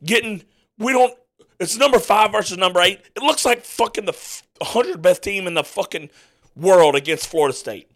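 A man ranting angrily as a sports fan podcaster, swearing constantly and breaking into yelled outbursts. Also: high voice, moderate pace. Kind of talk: angry profane rant while watching a game.

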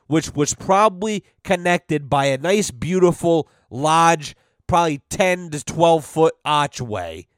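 Smooth-voiced man ranting casually. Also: a little high, dry recording, clean studio sound. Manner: profane, rambling, wry. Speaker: podcast host. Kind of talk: casual storytelling rant.

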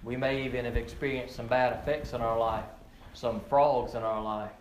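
A man's voice: medium pitch, steady tone, normal speed. Earnest preacher, man, in an echoey room. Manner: earnest, repeats words, builds to emphatic peaks. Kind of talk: sermon. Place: outdoor or open church setting with frog croaking nearby. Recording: echoey room with faint ambient noise.

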